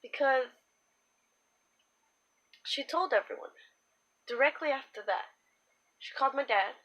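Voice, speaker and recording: Young woman, slow halting delivery, fairly high voice, candid storytime vlog. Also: lo-fi sound. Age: young adult. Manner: slow, halting, candid speech with many pauses and fillers. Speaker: vlogger telling her own story. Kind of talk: personal storytime monologue.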